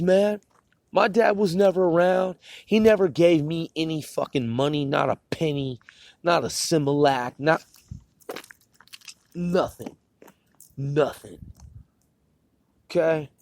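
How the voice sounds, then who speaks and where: A man's voice: mid-range voice, no room sound. Man venting angrily into a phone, swearing a lot, with a dry, close sound. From Puget Sound area. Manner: profane, repetitive, heated. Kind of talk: angry rant to camera.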